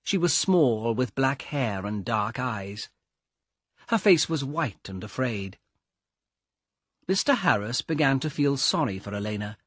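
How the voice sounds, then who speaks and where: Man reading a learner storybook, real slow, husky voice, lively pitch, dry close mic. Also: no echo. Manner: slow, clear, carefully paced reading. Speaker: audiobook narrator. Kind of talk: scripted narration for English learners.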